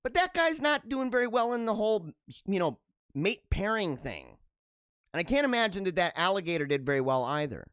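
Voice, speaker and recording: A man with a high, very lively voice hosts a casual news-riffing show, reading headlines and then wandering into playful, laughing asides. The sound is dry and close, with no room echo. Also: brisk, smooth. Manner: animated, laughs and riffs between read-aloud headlines. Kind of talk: casual commentary on news items.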